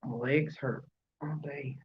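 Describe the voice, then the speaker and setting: A woman's voice: very deep voice, steady tone, slow, slight background noise. A woman with a Southern US accent hosting a casual live podcast chat, talking easily and laughing often as she answers viewers. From Alabama. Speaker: podcast host. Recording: dull lo-fi livestream audio.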